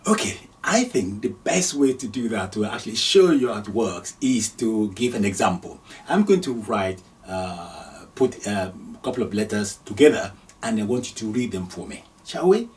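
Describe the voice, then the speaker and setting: A man's voice: lowish voice, big pitch swings, moderate pace, far from the mic. A man from Nigeria teaching Arabic letters step by step, patiently repeating each sound and chuckling now and then. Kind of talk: slow step-by-step lesson.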